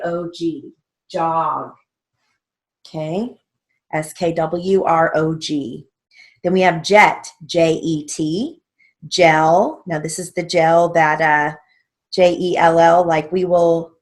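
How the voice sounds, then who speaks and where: A woman teaching a steno theory lesson, patiently spelling out words letter by letter and checking in with "okay?". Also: fairly low pitch. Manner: slow, patient, letter-by-letter dictation with frequent "okay?" check-ins.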